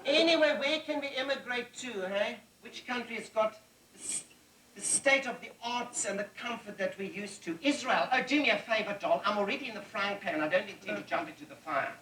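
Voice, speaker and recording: A man's voice: sits high, fairly quick. A spoiled Johannesburg society lady, as a man puts her on on a comedy club stage, with a South African accent and a haughty, complaining delivery. The sound is roomy and picked up from a distance, with audible room noise behind her. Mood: snooty. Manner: haughty, complaining, deadpan punchlines. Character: snobbish rich Johannesburg lady of leisure. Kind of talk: stand-up character comedy.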